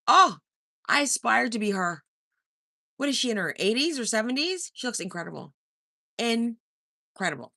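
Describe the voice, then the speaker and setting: A woman's voice: fairly high pitch, pushed and bright, dry recording, clean studio sound. A woman hosting a casual livestream, chatting and teasing as she reads viewer comments, often laughing and singing short snippets. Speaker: livestream host. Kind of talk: casual live chat reading comments.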